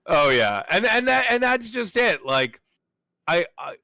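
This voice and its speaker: A man's voice: sits high, very animated, measured pace, pushed and bright, dry recording. A man co-hosting a gaming stream, chatting casually and often restarting his sentences. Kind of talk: casual chat while playing.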